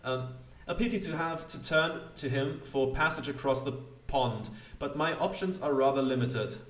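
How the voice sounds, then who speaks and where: A man's voice: mid-range voice, normal speed, reverberant, recorded from a distance, natural voice. A man voicing a wry British heroine. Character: sharp-tongued young woman investigator.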